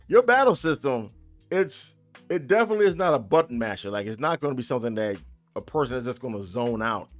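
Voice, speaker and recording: A man chatting casually on a live dev stream, reading and answering chat in a loose, joking way and laughing often. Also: mid-range voice. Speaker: game developer streamer.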